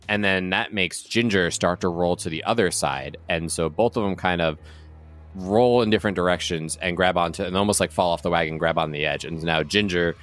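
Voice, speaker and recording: A man's voice: deep voice, fairly bright tone. A man narrating as game master of a tabletop game, casual and loose with many fillers. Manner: casual, full of "like" fillers, laughs often.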